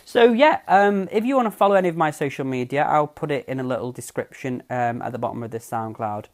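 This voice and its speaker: A woman's voice: very deep voice, expressive, fast talker, a little mellow. A young woman hosting a casual podcast, recapping a TV episode in a chatty, sarcastic way, swearing freely and wandering onto tangents. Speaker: podcast host.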